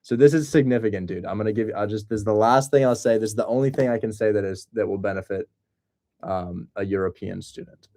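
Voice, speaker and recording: A young man hosting a casual livestream, excitable and joking. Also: on the low side, fast. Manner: excitable and joking, breaks into loud mock accents. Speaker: host of a livestream on real estate wholesaling.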